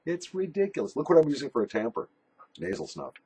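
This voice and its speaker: A man's voice: medium pitch, huge pitch swings, quick pace, mellow, slight background noise. An older man recording a casual video letter as a pipe and snuff YouTuber, jokey, rambling and a little bawdy.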